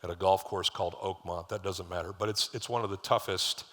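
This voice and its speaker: In a reverberant live church hall, a middle-aged lead pastor delivers a storytelling, conversational sermon with asides to his congregation. His voice sits low, moves fairly quickly, and stays fairly even in intonation with a fairly bright tone.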